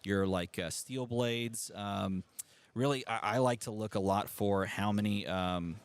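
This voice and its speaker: Low-voiced male game commentator. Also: unhurried, smooth, no room sound. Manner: chatty, analytical, talks to chat, laughs often. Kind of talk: live esports-style game commentary.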